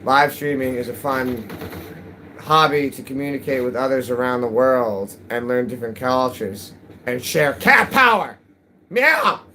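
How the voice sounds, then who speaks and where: A man's voice: mid-range voice, level tone, moderate pace, a bit bright, slight background noise, low-quality recording. A man live-streaming a game, chatting casually with viewers in a rambling, jokey way, his voice cracking. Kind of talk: casual live-stream chat while gaming.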